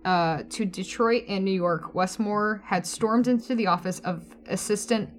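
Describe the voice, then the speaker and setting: A woman's voice: mid-range voice, unhurried, a little hiss or hum. A woman on a podcast reading her research aloud to friends, swearing and laughing often. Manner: profane, laughs often, reads from notes. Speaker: podcast co-host presenting a history.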